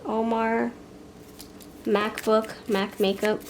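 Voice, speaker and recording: A woman's voice: a little high, flat delivery, slow, slight background noise, rough recording. A woman giving a pick-a-card tarot reading, thinking aloud in a rambling, frank way with many fillers and restarts. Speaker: tarot reader.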